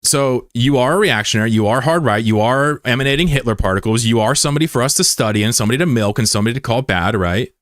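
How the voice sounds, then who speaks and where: A man's voice: medium pitch, fast, hardly any pauses, no room sound. A man from the United States, a livestreamer in casual chat, taunting and combative with a viewer and swearing freely.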